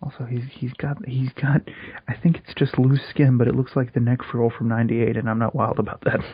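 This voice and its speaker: A man's voice: mid-range voice, little pitch movement, brisk, husky, no echo, highs cut off. A man co-hosting a casual podcast, rambling and joking crudely. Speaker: podcast co-host.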